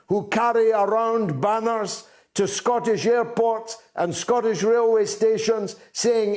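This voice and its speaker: A man hosting a talk show, delivering a political monologue in a fairly high voice. He speaks slowly and deliberately, leaning hard on key words and pausing often with "uh" as he builds his points. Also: fairly even intonation, a little mellow. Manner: deliberate, emphatic, with frequent "uh" pauses.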